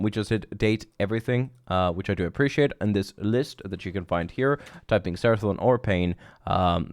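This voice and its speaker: The recording is dry and clean, studio-quality, capturing a man with a fairly low, clean-toned voice. He's in his thirties, streaming gameplay with live commentary, loosely chatting with his audience, cursing often and wandering off between thoughts.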